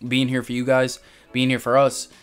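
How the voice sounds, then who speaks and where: A man's voice: medium pitch, completely flat delivery, normal speed, clear, resonant tone, faint music behind. A young man hosting a podcast, closing the show with loose, rambling thanks and casual swearing. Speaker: podcast host. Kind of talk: casual chat, show sign-off.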